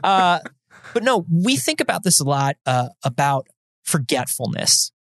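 A man's voice: fairly high pitch, sing-song, unhurried, no echo, studio quality. A man co-hosting a podcast, chatting casually and self-deprecatingly as he explains science news. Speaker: podcast co-host. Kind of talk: casual chat.

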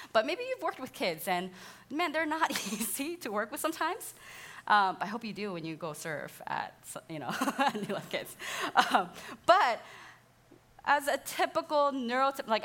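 A woman in her thirties with a medium-pitched voice gives a sermon-style teaching talk as a counselor. She's animated, frequently laughing and acting out the voices of those she quotes.

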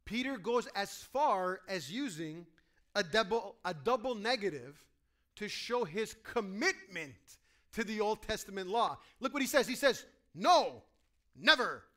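A man preaching a sermon to a congregation, animated, acting out quoted voices and asking his listeners questions. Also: sits high, measured pace. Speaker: pastor.

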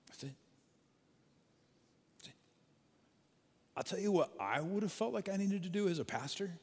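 A male pastor preaching a sermon, telling stories in an animated way and acting out the voices in them. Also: mid-range voice, moderate pace, pauses often, slightly rough. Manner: animated storytelling, acts out quoted voices. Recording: long hall reverb.

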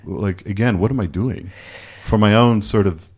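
Deep voiced canadian guy in an interview, candid, lots of restarts and trailing off. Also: darkish tone, slightly rough. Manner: candid, halting, self-questioning with restarts. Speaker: photographer guest. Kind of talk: casual interview conversation.

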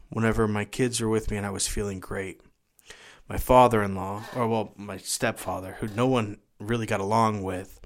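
A man giving a personal testimony as a guest, earnest and halting, often repeating his words. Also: lowish voice. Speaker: guest sharing his life story.

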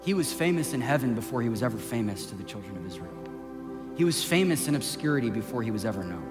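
A male pastor preaching a sermon, swinging from impassioned shouting down to a hushed, intimate delivery. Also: mid-range voice, lively intonation, quick pace. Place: church sanctuary. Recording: long hall reverb with soft music behind.

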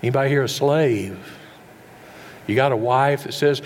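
Folksy middle-aged preacher. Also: male voice, medium pitch, moderate pace, pauses often. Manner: folksy, rhetorical questions to the congregation. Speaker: pastor. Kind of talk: sermon.

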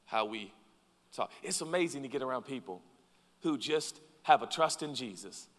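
A man preaching a sermon, animated, dropping to quiet asides and rising to loud acted-out quotes. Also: mid-range voice, normal speed. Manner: animated, acts out quoted voices, swings from soft to loud. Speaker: pastor. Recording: long reverb from a large hall.

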